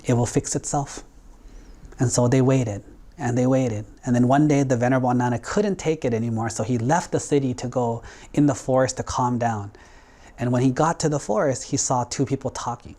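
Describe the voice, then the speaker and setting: A man's voice: medium pitch, brisk, mellow. A male monk delivering a storytelling sermon in a loose, conversational manner. He drops in little acted quotes as he goes. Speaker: Buddhist monk.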